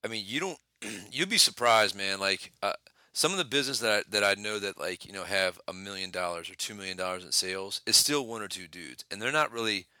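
A man with a lowish, very bright and forceful voice talks in casual podcast chat. He jumps in with quick agreement and brief quips, recorded dry and close. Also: no room sound.

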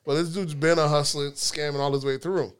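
A man hosting a casual podcast chat, talking in slangy, animated rants. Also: on the high side, a little fast, slight background noise. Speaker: podcast host.

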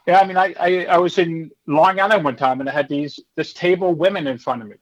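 A man's voice: a little high, fast talker, rough recording. A man in his fifties, a former stand-up comedian, telling stories casually in an interview and acting out the people in them. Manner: animated, acts out hecklers in character voices.

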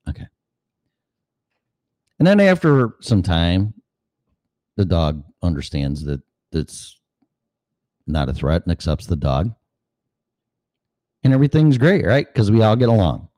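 Brief: low-voiced male host, profane and chatty, dry close-up sound. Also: dark tone, no room sound. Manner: profane, conversational, asks rhetorical questions. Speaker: show host. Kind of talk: casual rambling monologue.

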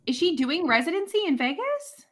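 A woman's voice: extremely high pitch, sing-song, moderate pace. A woman co-hosting a casual chat, agreeing and adding short remarks. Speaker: podcast co-host.

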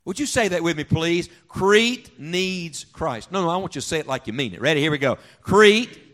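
A man preaching from the pulpit with a somewhat high voice. He keeps throwing rhetorical questions at the congregation and gets them to call back to him. His delivery swings from punchy, loud emphasis to soft, low reflection. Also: lively intonation, a little fast. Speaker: pastor. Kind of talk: sermon. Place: church sanctuary before a congregation.

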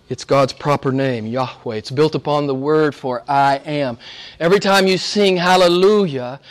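In his sermon, the man's fairly high voice stays conversational, punctuated by chuckled asides. He drops into hushed whispers and then rises to loud, emphatic peaks as a pastor.

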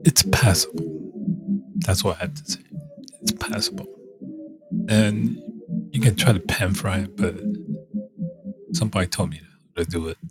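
A man hosting a show, rambling casually and thinking aloud with halting restarts. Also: deep voice. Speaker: show host. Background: music playing.

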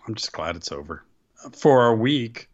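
A man co-hosting a casual podcast, dry and deadpan, openly disgusted. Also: on the low side, normal speed, lo-fi sound. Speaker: podcast co-host. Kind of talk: casual chat.

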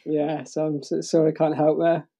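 A man's voice: fairly high pitch, monotone, moderate pace, warm tone, slight background noise. A man in his forties from Devon with a London accent, answering interview questions in an easygoing, self-deprecating way. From Devon, England. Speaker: guest.

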